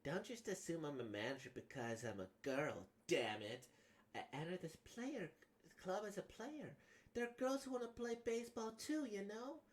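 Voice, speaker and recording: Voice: mid-range voice, expressive, normal speed, natural voice. A performer voicing a feisty teen girl baseball player who talks bluntly and defiantly. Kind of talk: manga dub reading.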